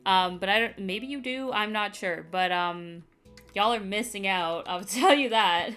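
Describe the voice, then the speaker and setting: A woman's voice: mid-range voice, unhurried, fairly bright tone, faint music behind. A young Canadian woman with a Canadian accent, chatting casually and teasingly on a live stream while playing, laughing often.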